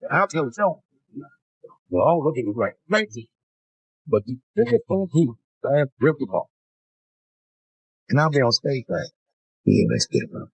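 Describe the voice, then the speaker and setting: A man in his fifties doing a stand-up comedy routine, telling stories in an animated, punchy way. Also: a little high, measured pace, long pauses, breathy edge. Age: 50s.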